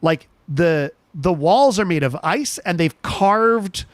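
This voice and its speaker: Male host, animated anecdote teller, lively and up-pitched, dry close-mic. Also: slow, dry recording. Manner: animated storyteller, restarts often. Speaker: chat show host. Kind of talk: casual anecdote on a chat show.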